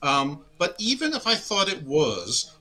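A man's voice: on the high side, wildly swooping pitch, unhurried, pushed and bright, rough recording. A man co-hosting a casual wrestling review podcast, joking and riffing. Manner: joking, mock-impressions, self-plugging. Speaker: podcast co-host.

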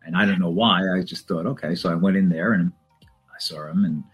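Casting: low, husky-voiced radio man from the New York area, relaxed and anecdotal. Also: fairly quick, faint music behind. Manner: easygoing, anecdotal, many fillers. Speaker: radio DJ and stadium announcer. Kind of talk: casual interview chat.

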